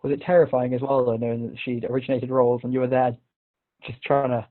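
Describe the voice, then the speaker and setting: A man's voice: medium pitch, flat delivery, quick pace. A man hosting an interview show, asking friendly, enthusiastic questions. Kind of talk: casual interview chat. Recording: tinny phone-like video call audio.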